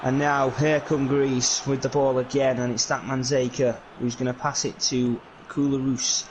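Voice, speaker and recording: A man from England, commentating solo on a video game football match in lively play-by-play that is full of fillers. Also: medium pitch, moderate pace, slight background noise, low-quality recording.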